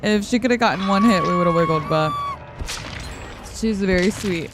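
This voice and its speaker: A tired woman streamer talks slowly through a hoarse, half-asleep morning voice. She chats loosely and giggles between game moments while she answers her viewers. Soft music plays faintly behind her. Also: mid-range voice, animated. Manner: chatty and giggly, reading chat aloud. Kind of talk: casual gameplay livestream chat. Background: faint background music.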